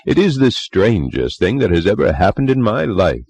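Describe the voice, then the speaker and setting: A man's voice: lowish voice, big pitch swings, moderate pace, darkish tone, husky, no room sound, voice pushed up, full character voice. A man reading a story voices a middle-aged clubman who earnestly and wryly tells of a ghost he met. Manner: musing, confiding, wry. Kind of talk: audiobook character reading.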